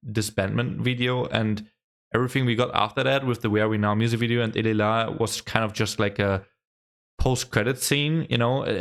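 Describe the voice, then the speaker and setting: A young man hosting a reaction vlog, chatting casually and gushing with excitement, often tossing in "man" and "bro" along with the odd swear word. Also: mid-range voice. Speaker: reaction video host.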